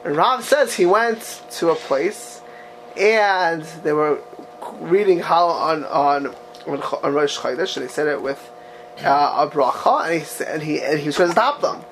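A man teaching a religious text class, reading passages aloud and asking the students rhetorical questions in an animated way. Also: a little high, measured pace, a little hiss or hum. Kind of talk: text-study lecture to a class.

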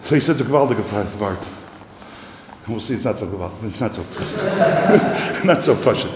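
A man giving a Talmudic lecture, animated and repetitive, mixing in Yiddish and Hebrew terms, coughing now and then. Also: medium pitch, moderate pace. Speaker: Torah teacher. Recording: echoey hall, faint noise.

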